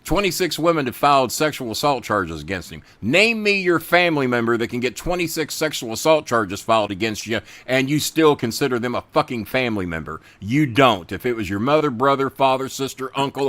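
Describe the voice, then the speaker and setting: Middle-aged male host, bright forceful voice, dry close sound, profane ranting. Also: mid-range voice, very animated, brisk, hardly any pauses, dry recording. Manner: angry, profane, loud, talks to chat viewers. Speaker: podcast host. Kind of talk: profane political rant and casual chat.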